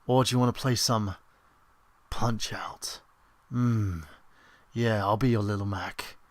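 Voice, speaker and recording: A man putting on the voice of a creepy, leering seducer, murmuring slow, breathy sex talk. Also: fairly even intonation, no room sound. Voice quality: low breathy murmur, drawn out.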